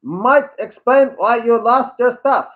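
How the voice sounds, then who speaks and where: Over tinny, phone-like audio, a man pushes his voice extremely high and speaks slowly. He's playing a condescending male online commenter, putting on a thick accent as he lectures and sneers.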